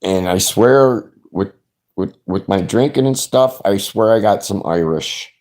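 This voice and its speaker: A man's voice: fairly low pitch, a little slow, darkish tone. A man hosting his own channel, chatting casually in a rambling, laid-back way with frequent restarts. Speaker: channel host. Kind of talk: casual chat.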